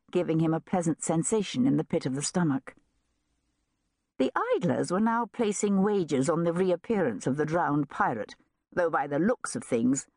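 A woman narrating a historical novel in a measured, expressive reading. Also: low-pitched, no echo, clean studio sound. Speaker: audiobook narrator. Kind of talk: scripted narration.

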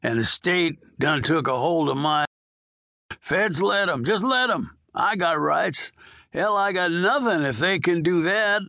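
A man's voice: high-pitched, expressive, measured pace, creaky, bright, forceful tone, no echo, clean studio sound, pitched above the performer's own voice, heavily acted. A man doing a crude old convict. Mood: bitter. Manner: coarse, drawling, wheedling then demanding. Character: dying old male prisoner, crude, pushy, foul-mouthed.

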